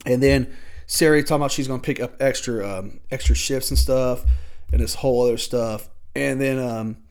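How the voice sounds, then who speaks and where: A man's voice: medium pitch, steady tone, moderate pace, darkish tone, smooth. A young man casually recapping a film plot as a podcast host, rambling and often correcting himself mid-sentence. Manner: rambling, self-correcting, loose and conversational.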